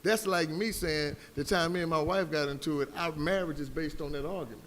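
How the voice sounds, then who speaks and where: A man's voice: a little high, brisk, fairly bright tone, long reverb tail, a little hiss or hum. A man on a live debate panel, telling a personal story with fervor and calling his listeners brother like a preacher.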